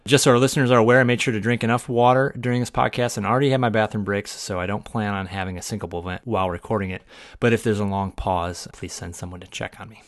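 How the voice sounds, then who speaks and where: A man's voice: lowish voice, fairly even intonation, fast, dry recording. A man working as an emergency physician, giving peer review on a medical podcast with dry joking asides and detailed clinical explanation. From Ohio. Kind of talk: solo podcast commentary.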